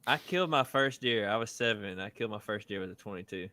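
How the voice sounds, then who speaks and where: A man co-hosts a podcast and trades sarcastic jokes in casual chat. His voice sits fairly low. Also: fast talker, bright, forceful tone. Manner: joking, sarcastic. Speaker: podcast co-host.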